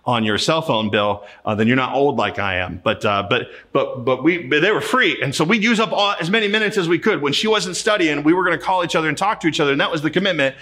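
A man's voice: a little high, fast, hardly any pauses, a bit bright. A middle-aged man from Ohio preaching a sermon as pastor, telling a personal story in a conversational way and often repeating words as he starts a sentence.

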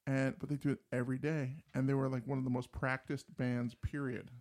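A man's voice: mid-range voice, flat delivery, brisk, darkish tone. A man co-hosting a casual music talk, telling stories animatedly and mimicking riffs and voices. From New Jersey. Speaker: podcast co-host. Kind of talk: casual chat about music.

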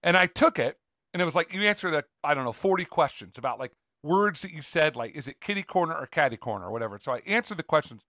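A man from Northern California co-hosting a podcast, telling stories in an animated, rambling way. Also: fairly high pitch, fast, dry recording, studio quality. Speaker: podcast co-host. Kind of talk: casual chat.

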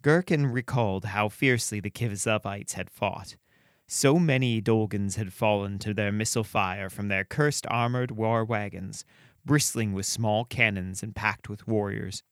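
Low-voiced man narrating dark stories. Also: no echo, clean studio sound. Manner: measured, expressive reading. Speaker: podcast host reading stories. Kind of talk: storytelling narration and casual commentary.

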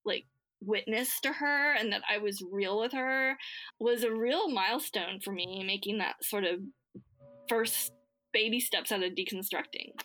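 Bright-voiced woman in casual chat. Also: mid-range voice, a little slow. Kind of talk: casual conversation.

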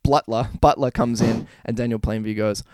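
A man's voice: mid-range voice, fairly even intonation, normal speed, darkish tone, no echo. A young man chatting casually on a podcast, laughing often as he retells a film scene by scene. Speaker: podcast co-host. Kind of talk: casual chat.

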